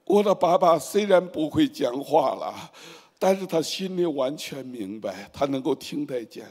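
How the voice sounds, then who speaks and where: A man's voice: fairly high pitch, lively intonation, normal speed. Fervent preacher man in a reverberant church. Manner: fervent, rising to loud exclamations. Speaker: guest preacher. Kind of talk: preaching in Chinese with interpreter. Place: large church hall.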